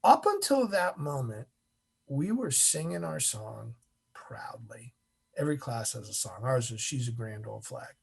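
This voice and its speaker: A middle-aged man, an interview guest, telling a story in an animated way and acting out the scenes. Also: mid-range voice, a little slow, gravelly, slightly rough.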